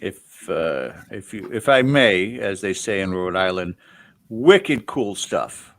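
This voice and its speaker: A man with a fairly low voice hosts a talk show, welcoming guests and joking with his co-host. His questions wander and pile up before he reaches the point. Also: animated, measured pace, creaky, a bit bright, no room sound. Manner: jokey, rambling questions. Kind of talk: casual show hosting.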